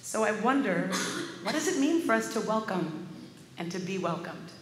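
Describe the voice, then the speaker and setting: A woman's voice: fairly low pitch, a bit bright, a little hiss or hum. A woman minister delivering a sermon as a vivid personal story. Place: large church sanctuary. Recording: echoey hall with faint ambience.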